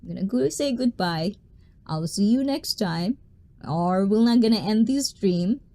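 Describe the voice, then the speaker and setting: A woman's voice: mid-range voice, lively intonation, unhurried, warm tone. A woman hosting a live stream, chatting casually with viewers, giggling and teasing as she signs off. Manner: giggly and teasing, laughing often.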